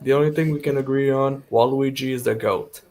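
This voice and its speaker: A man's voice: medium pitch, fairly even intonation, brisk, darkish tone. A man as a guest in a casual chat on a call, laid-back and chiming in briefly.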